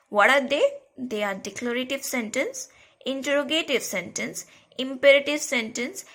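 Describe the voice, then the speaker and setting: A woman teaching a grammar lesson to a school class, repeating key phrases and checking in with "okay?" and "clear?". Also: high voice, bright, forceful tone.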